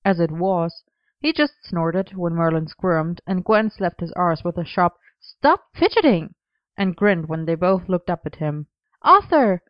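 A woman narrates a story in an even, unhurried way. Her voice sits low and sounds smooth. The recording is dry and close, with a slightly dull, lo-fi edge. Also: no echo. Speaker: audiobook reader.

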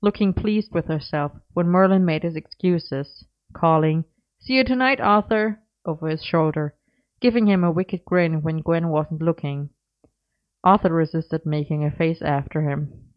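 Low-voiced woman reading a story. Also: steady tone, a little slow. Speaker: audiobook narrator. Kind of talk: story narration. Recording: dull lo-fi recording.

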